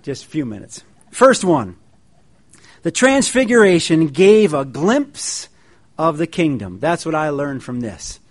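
A man preaching a sermon in a folksy, joking way, reading scripture and telling stories with lively emphasis. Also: fairly high pitch, unhurried. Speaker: pastor.

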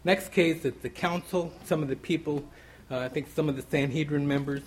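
A man with a slightly high voice speaks a bit fast, and the audio quality is poor. He teaches through a Bible passage verse by verse in a loose, conversational style, full of "you know" asides, restarts, and repeated words as he thinks aloud.

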